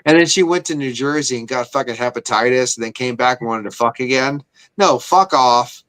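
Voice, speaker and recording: A man's voice: mid-range voice, steady tone, fast, a bit bright. A man co-hosting a podcast, telling rambling, profane stories in casual chat. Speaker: podcast co-host.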